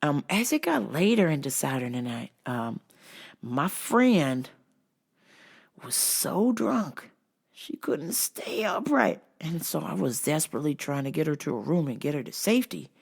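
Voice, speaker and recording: Low-voiced woman with a swinging, animated delivery. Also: normal speed, vocal fry, husky. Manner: profane, animated, laughing storyteller. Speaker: podcast host. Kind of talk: casual storytelling recap.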